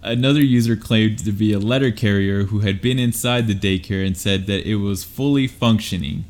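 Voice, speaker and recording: A man's voice: fairly low pitch, normal speed, darkish tone. A young man co-hosting a podcast, reading articles aloud in a laid-back way and stumbling over lines. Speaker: podcast co-host.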